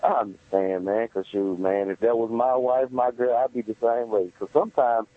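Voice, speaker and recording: A man's voice: medium pitch, steady tone, moderate pace, no room sound. A man calling in to a podcast by phone, laid-back and talking casually, with some stammering. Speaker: caller. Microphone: telephone. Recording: tinny phone line.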